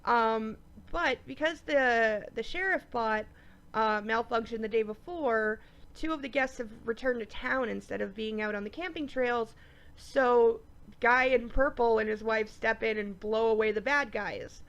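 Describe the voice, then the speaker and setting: A woman's voice: a little high, measured pace. Chatty stuffy-nosed woman reviewer, lo-fi. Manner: chatty and animated, many ums. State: stuffy nose, sniffing. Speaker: TV show reviewer. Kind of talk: casual episode review vlog.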